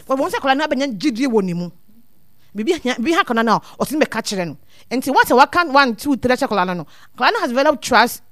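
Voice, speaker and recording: Her voice sits high and a bit bright as this guest on child welfare offers earnest guidance to parents, casually switching between two languages. She frequently repeats words mid-thought. Studio-quality recording, free of room sound.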